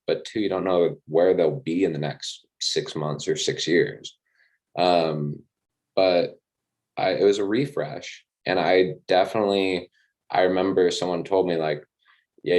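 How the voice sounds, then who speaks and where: A man in his thirties, a tour manager, telling stories in a relaxed, rambling interview with frequent ums and casual swearing. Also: deep voice.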